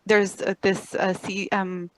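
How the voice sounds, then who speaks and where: Excited, giggly woman on a call. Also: mid-range voice, slight background noise, rough recording. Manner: excited, giggly, halting fillers. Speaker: audience questioner. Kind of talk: asking a question on a video call. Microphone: video call.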